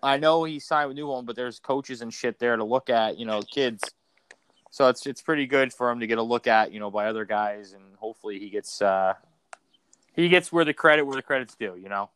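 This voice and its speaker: A man's voice: mid-range voice, fairly quick, a bit bright, clear, resonant tone. A man co-hosting a casual podcast chat, rambling and swearing, with many restarts. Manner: rambling, profane, frequent restarts. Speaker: podcast co-host.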